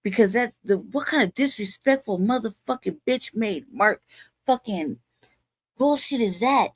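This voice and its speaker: A woman's voice: on the high side, lively intonation, unhurried, slightly rough, dry recording. A woman in her forties from California, hosting a commentary show and ranting angrily with heavy profanity. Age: 40s. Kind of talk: heated livestream commentary.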